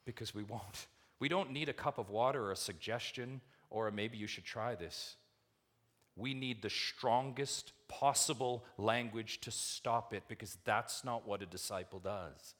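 A man preaching a sermon to his church, asking rhetorical questions and swinging from hushed asides to loud, emphatic build-ups. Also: medium pitch, normal speed. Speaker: pastor.

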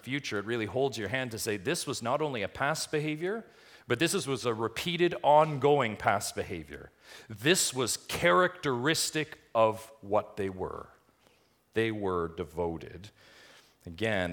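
A man preaching a sermon, emphatic and full of rhetorical questions, swinging between quiet stretches and loud, rising lines. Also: lowish voice. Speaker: pastor.

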